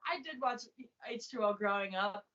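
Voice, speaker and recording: A woman's voice: medium pitch, expressive, moderate pace, crowd noise. A young American woman chatting casually, bubbly and laughing often, with plenty of filler words. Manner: bubbly, lots of likes and laughs. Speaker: podcast host. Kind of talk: casual chat over a video call. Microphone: video call. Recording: dull lo-fi video call audio.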